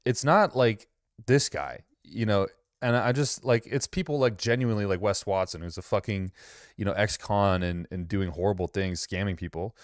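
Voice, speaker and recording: A man hosts a loose reaction commentary, sarcastic and quick to laugh, with casual profanity. His voice sits on the low side. The sound is dry and close, with no room echo. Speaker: host reacting to videos.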